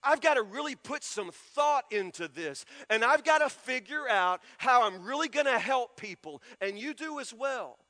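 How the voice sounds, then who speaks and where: A male pastor delivers a sermon with a high, bright voice. He hammers key words through repetition, then lets them sink into soft, low emphasis. His voice rings with the long reverb of a church sanctuary. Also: animated, normal speed, few pauses.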